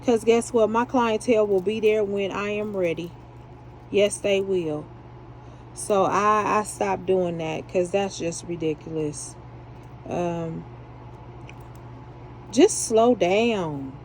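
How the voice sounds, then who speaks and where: A woman's voice: medium pitch, steady tone, takes it slowly, slight background noise, low-quality recording. A woman chatting casually while she makes beaded jewelry and laughs at herself. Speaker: jewelry maker. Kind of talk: casual chat while beading.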